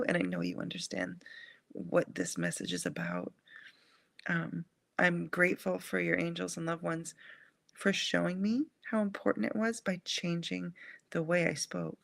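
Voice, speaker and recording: Woman, angel card reader, live stream host, gentle, affirming, dry close sound. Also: on the low side, animated, normal speed, gravelly, dry recording.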